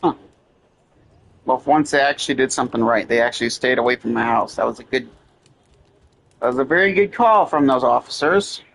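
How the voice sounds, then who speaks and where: A man's voice: mid-range voice, fairly quick, creaky, long pauses, fairly bright tone, a little hiss or hum. A man giving casual gameplay commentary, profane and sarcastic, irritated at the game characters. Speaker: gamer playing and commenting.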